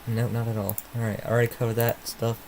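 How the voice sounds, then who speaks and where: Sleepy guy rambling thru a live stream, muttering to himself, mid pitch, a bit of hiss behind. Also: flat delivery, fast, creaky, darkish tone, rough recording. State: sleepy, yawning. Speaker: livestream host. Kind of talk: casual live commentary.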